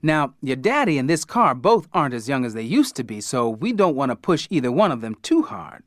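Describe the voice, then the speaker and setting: A man reading an audiobook voices a practical mother briskly reading out a travel plan. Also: mid-range voice, sing-song, dry recording, clean studio sound, natural voice. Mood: practical planning. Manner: brisk, matter-of-fact, list-reading. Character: organized, practical mother planning a family trip.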